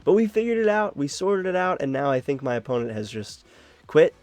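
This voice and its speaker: Soft background music plays under a young man's slightly high, brisk voice, recorded with no room sound. A card game content creator, he offers casual live commentary while playing, talking to himself animatedly, cursing, and laughing at how his luck goes.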